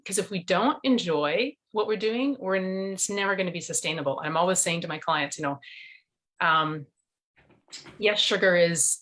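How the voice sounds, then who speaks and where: A woman's voice: lowish voice, fairly bright tone. A middle-aged woman, a nutrition coach, telling her story earnestly in an interview over a video call.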